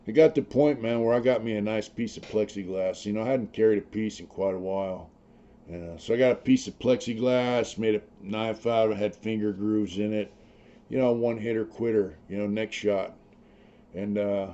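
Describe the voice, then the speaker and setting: Blunt, profane man with a low, dark voice. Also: lo-fi sound. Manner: blunt, profane, rambling with many fillers. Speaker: podcast storyteller, former prisoner. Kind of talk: casual prison storytelling.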